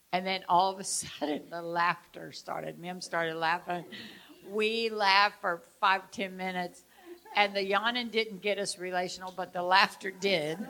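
A woman leading a group session, telling lively stories and laughing often as she talks. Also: medium pitch. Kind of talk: storytelling talk to a group.

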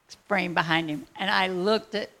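A woman telling a faith testimony as a lively, excitable story. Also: fairly low pitch, normal speed. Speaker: speaker sharing a faith testimony.

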